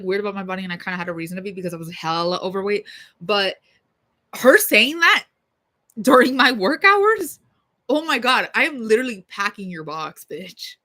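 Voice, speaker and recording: A woman's voice: mid-range voice, sharp tone. A young woman telling a story casually on a livestream, heated, blunt and full of swearing and fillers.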